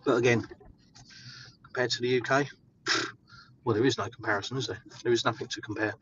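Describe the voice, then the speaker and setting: A man's voice: mid-range voice, steady tone, fairly quick, a bit bright, muffled recording, a little hiss or hum. An English man vlogging casually outdoors in the snow, chatty and rambling with lots of fillers. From England. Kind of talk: casual walking vlog.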